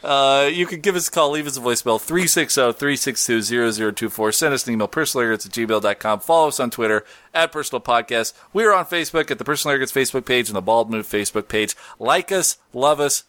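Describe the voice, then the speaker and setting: A man's voice: mid-range voice, a bit bright, dry recording. A man hosting a podcast, chatting casually and jokingly, reading listener posts and plugging shows. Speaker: podcast host.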